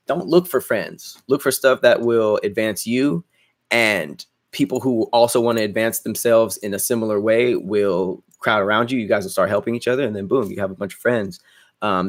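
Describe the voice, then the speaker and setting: A young man hosting a casual podcast, chatting and freestyling crude, boastful raps while joking and laughing at himself. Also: on the low side. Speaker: podcast host. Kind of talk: casual livestream chat and freestyle rap.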